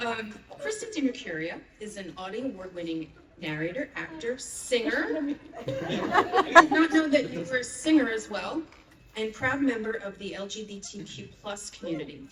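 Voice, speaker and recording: A woman's voice: on the high side, animated, normal speed, a crowd in the background. A woman moderating a convention panel, reading guest introductions and asking questions. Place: large convention panel room. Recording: echoey hall, mic heard from a distance.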